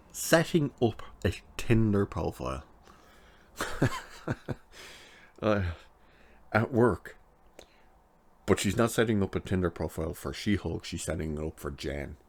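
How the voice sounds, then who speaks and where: A man giving a chatty, sarcastic recap of a TV episode, laughing at his own jokes. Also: low-pitched. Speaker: TV episode reviewer.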